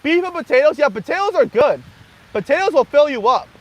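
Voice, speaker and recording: A young man hosting a casual livestream, joking crudely and half-yelling to be heard over loud background noise. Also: very high voice, big pitch swings, fairly quick, muffled recording. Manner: crude joking, frequent laughter. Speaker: livestream host. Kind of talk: casual livestream chat with viewers.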